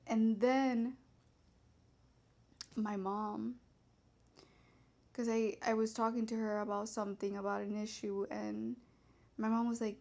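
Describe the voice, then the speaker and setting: A young woman speaks straight to camera in a personal confessional vlog. Her voice sits a little high, and she talks candidly in a loose, rambling way, dropping curse words freely. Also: flat delivery, takes it slowly, long pauses, darkish tone. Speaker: vlogger.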